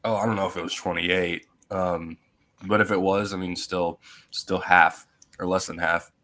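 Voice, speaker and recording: A man's voice: low voice, flat delivery, normal speed, bright, forceful tone. A man hosting a casual movie podcast over a video call, rambling with fillers and restarts. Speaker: podcast host.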